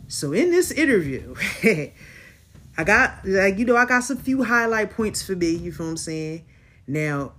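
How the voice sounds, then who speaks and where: A woman's voice: lowish voice, a little hiss or hum. A woman hosting a podcast in casual chat, recapping an interview in slangy talk and often checking in with her listeners. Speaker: podcast host.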